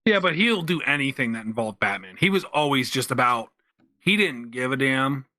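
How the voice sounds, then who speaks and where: A man's voice: medium pitch, animated, moderate pace, pushed and bright, no room sound. A man co-hosting a casual podcast, talking games in a laid-back way with short replies. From central Pennsylvania. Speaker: podcast co-host. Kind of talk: casual chat about games.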